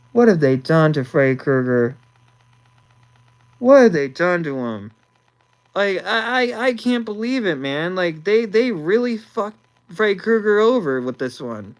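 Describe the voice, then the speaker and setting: Exasperated young woman ranting, lively pitch. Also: unhurried, poor audio. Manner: exasperated, repeats words, sighs often. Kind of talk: ranting movie review.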